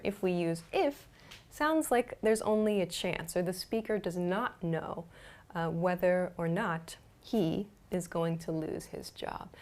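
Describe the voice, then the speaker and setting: A woman explaining English grammar in a patient, clear lesson, with frequent small fillers. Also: medium pitch. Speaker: English teacher.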